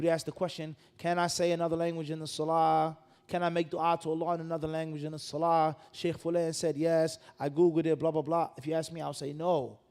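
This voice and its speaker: A man giving a sermon-style lecture as a mufti, animated and full of rhetorical questions and mocking asides. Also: high voice. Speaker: mufti giving a mosque lesson.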